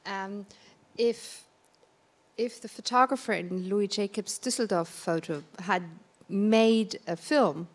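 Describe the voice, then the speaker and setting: A woman moderating an onstage conversation, speaking hesitantly with many pauses and restarts. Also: medium pitch. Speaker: conference moderator. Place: theatre stage.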